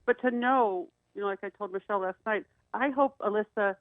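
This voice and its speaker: A woman's voice: medium pitch, fairly quick, no echo. A middle-aged woman co-hosting a radio talk show, telling personal stories in an earnest way with many restarts. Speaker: co-host. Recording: dry, phone-like radio sound.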